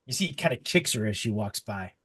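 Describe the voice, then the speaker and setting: A man's voice: on the low side, expressive, quick pace, fairly bright tone, slightly rough. A man narrating as game master of a tabletop game, describing scenes loosely with lots of fillers.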